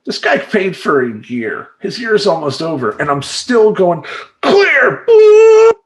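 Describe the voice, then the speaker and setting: A man's voice: fairly high pitch, very animated, normal speed, fairly bright tone. A man talking as a life coach in a rambling, emphatic monologue, acting out his clients and making sound effects. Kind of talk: casual monologue to camera.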